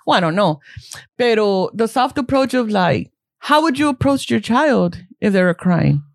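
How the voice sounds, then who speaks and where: A woman chatting on a podcast, switching between English and Spanish. Her pitch rises and falls in an animated way. The sound is dry and close. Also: moderate pace, creaky, dry recording. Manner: animated, mixes English and Spanish, acts out quotes. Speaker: guest co-host. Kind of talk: casual podcast chat.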